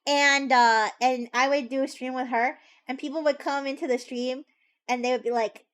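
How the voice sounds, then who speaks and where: High-voiced giggly woman streamer. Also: fairly even intonation, fairly bright tone, clear, resonant tone. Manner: giggly, teasing, quick asides to chat. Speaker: VTuber streamer. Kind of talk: casual live-stream chat.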